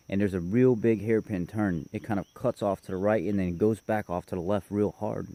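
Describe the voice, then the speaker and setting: A man's voice: low voice, warm tone. A man casually telling a long personal story, rambling and correcting himself as he goes. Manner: rambling, self-correcting, detailed.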